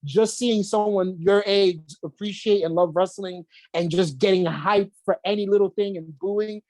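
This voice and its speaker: A man co-hosting a podcast, telling a story in casual chat, animated and swearing freely. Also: high voice, moderate pace, dry recording. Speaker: podcast co-host.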